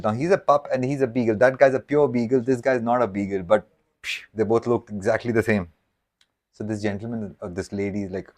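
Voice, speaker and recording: A man's voice: medium pitch, brisk. A man hosting a casual live stream while he cooks, rambling and joking and often cutting himself off mid-sentence. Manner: rambling, self-interrupting, jokey.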